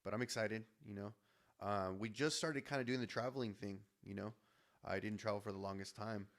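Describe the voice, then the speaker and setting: A man's voice: lowish voice, fairly even intonation, brisk. A man guesting on a podcast, a fitness coach who chats in an easygoing, agreeable way. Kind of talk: casual chat.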